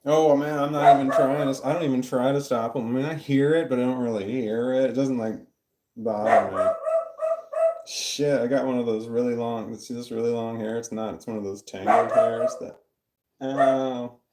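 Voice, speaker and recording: In a casual home live stream, a man rambles and makes self-mocking jokes to his chat, phone at arm's length. His mid-range voice is fairly even and moderately paced, and the phone audio is very noisy with a barking dog.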